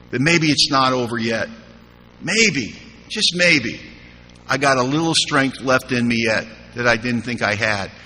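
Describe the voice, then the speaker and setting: A man telling his personal recovery story to a live audience, humorous and animated, with quoted dialogue. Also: medium pitch, a little hiss or hum. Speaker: recovery meeting speaker. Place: large conference hall. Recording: live hall recording with reverb.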